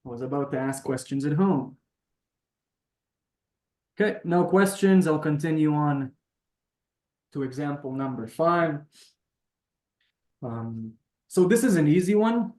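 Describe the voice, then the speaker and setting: A man leads a beginner language lesson over a video call, taking his time and sounding out each word slowly. His voice sits a little high for a man. A roomy echo hangs around him on the call audio. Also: expressive, a little mellow. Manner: patient, explains step by step and sounds out words slowly. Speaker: Hebrew teacher.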